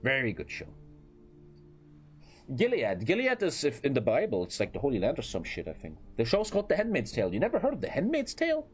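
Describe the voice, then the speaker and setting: A young man streams a strategy game and chats loosely with his viewers, rambling, swearing, and leaning on filler phrases. His mid-range voice swoops wildly in pitch and moves a little fast, with faint music in the background.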